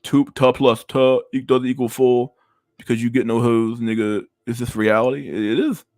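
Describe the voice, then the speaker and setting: A man's voice: mid-range voice, fairly even intonation, normal speed, darkish tone, no room sound. A man hosting a casual livestream, reacting to memes with crude slang-heavy banter. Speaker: livestream host.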